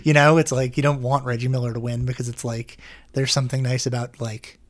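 A man's voice: mid-range voice, flat delivery, a little fast, no echo. Rambling man on a podcast, dry sound. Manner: rambling, restarts often, swears casually. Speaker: podcast co-host. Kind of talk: casual podcast chat.

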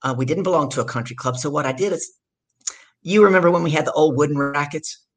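A middle-aged woman from the States, telling her story as a guest in an energetic, emphatic way. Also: low voice, fast talker. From southern United States. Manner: energetic, emphatic storyteller who acts out quotes. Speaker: guest, business speaker. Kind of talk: storytelling in a conversation.

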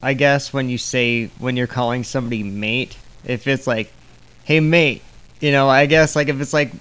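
A man's voice: medium pitch, fairly even intonation, normal speed, a bit bright, clean tone, low-quality recording. A man hosting a podcast in casual chat, hesitant and feeling his way through with lots of fillers. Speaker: podcast host.

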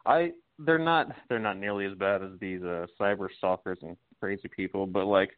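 Male insider for casual chat, animated and laughing, dry, phone-thin audio. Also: sits low, moderate pace, no echo. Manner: animated, mocks fans in exaggerated quoted voices, laughs often. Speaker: wrestling industry insider. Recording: dry, tinny phone-like sound.

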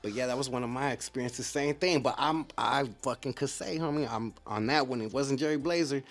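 A man hosting a podcast, telling animated stories in street slang. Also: medium pitch, a little fast. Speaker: podcast host. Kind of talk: casual interview chat.

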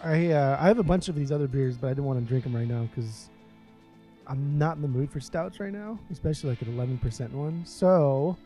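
A man's voice: mid-range voice, brisk, mellow, soft background music. A young man co-hosting a casual beer review, rambling in a laid-back way and cracking crude jokes. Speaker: podcast co-host reviewing beer. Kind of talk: casual chat.

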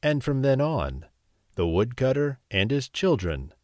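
A man narrating a bedtime story slowly and expressively. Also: mid-range voice. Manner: slow and expressive.

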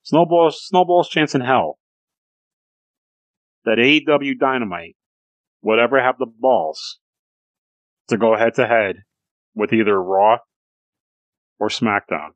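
A man's voice: lowish voice, unhurried, long pauses, dry recording, dull audio. A man co-hosting a podcast, chatting casually about pro wrestling, rambling with restarts and swearing freely. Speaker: podcast co-host.

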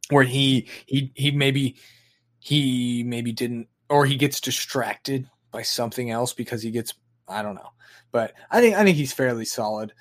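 A man's voice: mid-range voice, unhurried. A man co-hosting a loose podcast conversation. He stops and restarts his sentences often and laughs easily while he talks things through. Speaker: podcast host. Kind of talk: casual chat.

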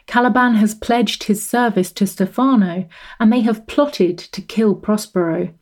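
A woman narrating a scripted literature lesson in a measured, explanatory manner, slowing to read verse rhythms. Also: mid-range voice, a little mellow.

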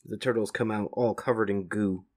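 A man's voice: on the low side, fairly even intonation, moderate pace. A man casually reading a comic aloud, describing the panels with fillers. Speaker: comic reader.

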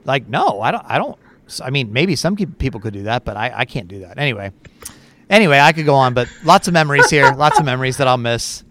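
A man co-hosting a podcast, telling a story in a casual, animated way with plenty of fillers. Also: medium pitch, fast, a little hiss or hum. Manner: animated, chatty, lots of fillers and laughs. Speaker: podcast co-host.

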